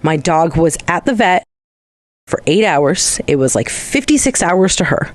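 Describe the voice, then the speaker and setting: A woman's voice: fairly low pitch, big pitch swings, unhurried, no room sound. A young adult woman, co-hosting a casual podcast chat, rambling through stories and swearing freely. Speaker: podcast co-host.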